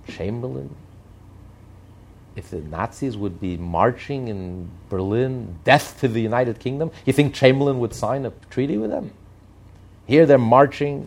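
A man's voice: lowish voice, vocal fry, darkish tone, slight background noise. A man giving impassioned commentary on politics and morality, driving his points home with repeated rhetorical lists. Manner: emphatic, repetitive rhetorical lists.

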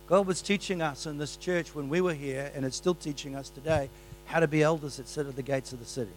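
A preacher delivers a sermon in a church, his voice sitting a touch high for a man. He is exuberant, dropping into soft asides and then bursting out loud with excitement. A faint mains hum sits under him. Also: fast, low-quality recording.

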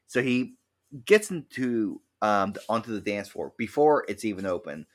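A man co-hosting a podcast, telling animated stories in casual chat and swearing freely. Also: fairly low pitch, moderate pace. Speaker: podcast co-host.

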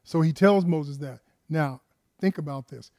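A man's voice: on the high side, a little slow, darkish tone, dry recording, clean studio sound. A man preaching a conversational sermon, firing rhetorical questions at his listeners and often repeating words and restarting phrases.

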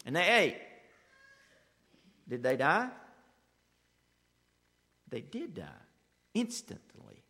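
A male pastor preaching a sermon, emphatic and animated, swinging from loud rising bursts to quiet asides. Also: on the high side, extremely slow, pauses often, breathy edge. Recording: long hall reverb.

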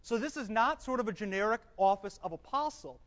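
Here a Bible teacher with an expressive, slightly bright medium-pitched voice teaches a live class. He reads scripture aloud slowly and explains it, quizzing the room with questions he goes on to answer. The audio is a dull, echoey hall recording.

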